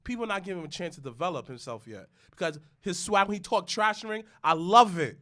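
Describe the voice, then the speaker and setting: A man hosting a podcast in casual chat, slangy and excitable, riffing on wrestling. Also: high voice, quick pace. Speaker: podcast host.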